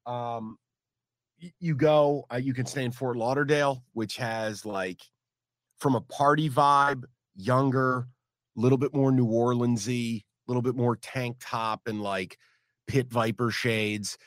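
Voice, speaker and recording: A man's voice: mid-range voice, a little slow, dry recording, clean studio sound. Easygoing man chatting on a podcast. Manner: loud, punchy ad read then relaxed, rambling chat. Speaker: podcast host. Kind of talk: casual chat and host-read ad.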